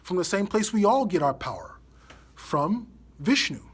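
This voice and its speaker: A man voicing a calm, truthful young boy who speaks innocently and earnestly. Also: high voice, normal speed, breathy edge, heavily acted.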